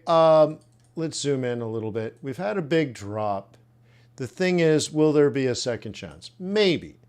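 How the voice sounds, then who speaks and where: Guy coaching trading live, slow and blunt, talks through charts out loud. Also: medium pitch, vocal fry. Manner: blunt, thinking aloud, frank reactions. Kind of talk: live trading webinar commentary.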